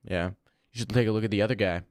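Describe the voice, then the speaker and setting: A man's voice: fairly low pitch, steady tone, racing, darkish tone, no echo, clean studio sound. Blunt young man rambling on stream. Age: 20s. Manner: rambling, blunt, swears freely. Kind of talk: casual live-stream chat reading.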